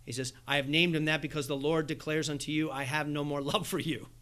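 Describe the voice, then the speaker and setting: A man preaching a sermon, animated, acting out little dialogues with asides. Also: on the high side, fairly quick. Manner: animated, acts out quoted exchanges with asides and laughs. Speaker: pastor.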